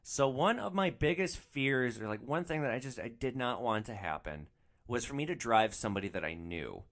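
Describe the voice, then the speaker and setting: A young man hosting a solo podcast, telling stories in an animated, ranting way and swearing freely. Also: medium pitch, moderate pace. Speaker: podcast host.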